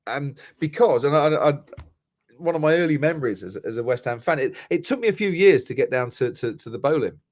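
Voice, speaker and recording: A man's voice: fairly high pitch, lively intonation, brisk, no room sound, studio quality. A middle-aged man from England, a motorsport commentator chatting as a guest and telling stories with many restarts. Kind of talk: casual podcast chat.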